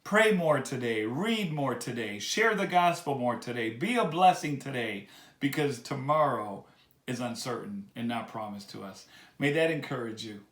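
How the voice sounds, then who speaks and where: A man's voice: medium pitch, animated, a bit bright. Earnest preacher man in an echoey room. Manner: earnest, repetitive exhortation, slowing on key words. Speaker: pastor. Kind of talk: sermon reflection.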